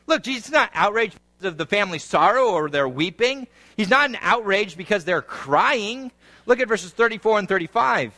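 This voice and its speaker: A man's voice: high voice, lively intonation, moderate pace, pushed and bright. A man preaching a sermon, reading scripture aloud and explaining it with rising and falling intensity. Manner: reads scripture, then explains it. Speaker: pastor.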